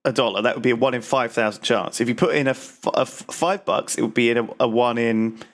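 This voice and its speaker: A man's voice: mid-range voice, quick pace. A young man co-hosting a podcast, opinionated and rambling in casual chat. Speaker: podcast co-host.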